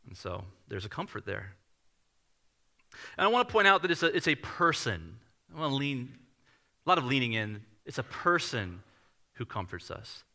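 A man's voice: mid-range voice, sing-song, moderate pace, creaky, pauses often, sharp tone. A man in his thirties, a pastor preaching a sermon to a congregation in a conversational, self-deprecating storytelling manner.

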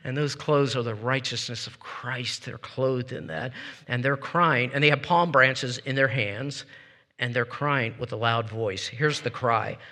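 Bright-voiced man preaching in a reverberant hall. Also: medium pitch, unhurried. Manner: lively, conversational, laughs between points; leads congregation in call-and-response. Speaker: pastor. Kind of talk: sermon. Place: church sanctuary with congregation.

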